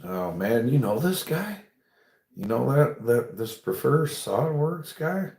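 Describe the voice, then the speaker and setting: A man chatting casually and telling a long, rambling story, swearing at every turn and breaking into laughs. His voice sits at an ordinary middle pitch. The room around him has a roomy echo. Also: very animated, slow pace, gravelly, darkish tone. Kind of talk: casual chat.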